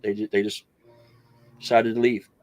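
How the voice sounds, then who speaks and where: A man with a lowish voice tells a long story as an interview guest. He rambles, restarts his sentences and slips into the voices of the people he quotes. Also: flat delivery, normal speed, a little mellow, faint music behind. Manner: rambling, restarts, acts out others' words. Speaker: guest researcher.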